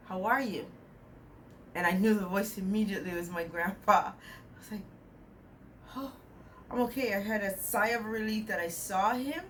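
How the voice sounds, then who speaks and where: Young adult woman, mid-range pitch, casual rambling dream-recounting, light background noise. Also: poor audio. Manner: rambling, animated retelling with quoted dialogue. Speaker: dream vlogger. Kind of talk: casual storytelling about a dream.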